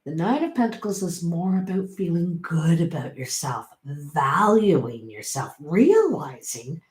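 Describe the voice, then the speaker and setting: A middle-aged woman giving a casual tarot reading, chatty and encouraging, with sudden bursts of excitement. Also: sits low, a little slow. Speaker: tarot reader. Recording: roomy echo.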